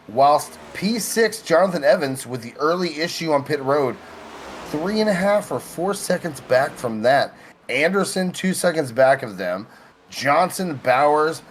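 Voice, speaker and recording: A man's voice: on the high side, a little hiss or hum. A man calling play-by-play on a live sim racing broadcast, mixing race calls with wry joking asides.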